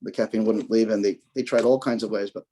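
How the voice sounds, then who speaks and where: A man's voice: fairly low pitch, fairly even intonation, fast talker, mellow, a little hiss or hum. A man, a rabbi, giving an informal talk on kosher rules, rambling with dry jokes and often repeating himself.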